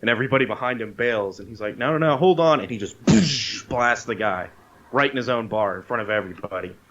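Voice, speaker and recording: A man on a podcast casually retelling a movie scene, animated, swearing freely and acting out the lines. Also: on the low side, brisk. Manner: animated storyteller, swears freely, acts out quotes. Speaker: podcast co-host. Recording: dull lo-fi podcast audio.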